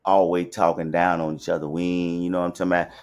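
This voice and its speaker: A man's voice: low-pitched, flat delivery, quick pace, a little mellow. A man from Alabama with a Southern accent, hosting a podcast in a loose, repetitive, preachy street-talk monologue from a studio. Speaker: podcast host. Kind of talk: casual livestream monologue.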